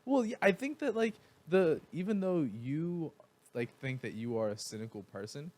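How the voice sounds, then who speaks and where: A man co-hosting a podcast, speaking earnestly in halting casual chat with many fillers. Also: on the high side, very animated, a little mellow.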